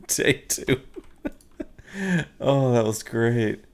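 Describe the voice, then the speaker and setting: A man's voice: mid-range voice, animated, extremely slow, long pauses. A man doing let's play commentary, laughing constantly as he reads the game's dialogue aloud. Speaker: gaming video host.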